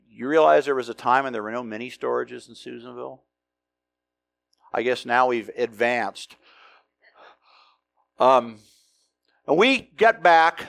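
A middle-aged pastor from the United States preaching a conversational, emphatic sermon full of rhetorical questions. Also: male voice, medium pitch, fairly bright tone, no echo.

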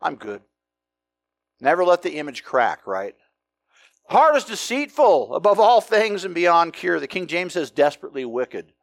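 A middle-aged man from the United States delivers a sermon in a slightly high, gravelly voice. He preaches conversationally, leaning on rhetorical questions and emphatic repetition. The sound is dry and close, with no room around it. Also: big pitch swings, normal speed, dry recording. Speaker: pastor.

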